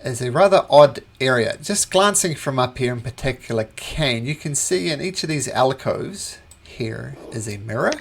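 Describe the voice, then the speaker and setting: A man's voice: medium pitch, lively intonation, normal speed, vocal fry, hardly any pauses, slight background noise. A man running a tabletop game as game master, narrating in a chatty, easygoing way and laughing often.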